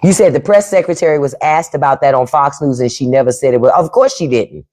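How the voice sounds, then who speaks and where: A woman with a very deep, mellow voice speaks fast as she hosts a casual livestream for her podcast. She answers the chat bluntly and swears freely.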